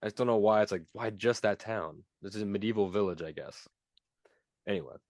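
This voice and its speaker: A man's voice: lowish voice, a little fast, a little mellow, no room sound, studio quality. A young man co-hosting a podcast, casually and playfully reading out trivia quiz questions and teasing his co-host.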